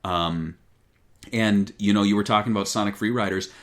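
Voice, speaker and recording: A man co-hosting a podcast, chatting casually about games with a relaxed, hesitant manner. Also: fairly low pitch. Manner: relaxed, hesitant, does quick impressions. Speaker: podcast co-host. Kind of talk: casual chat.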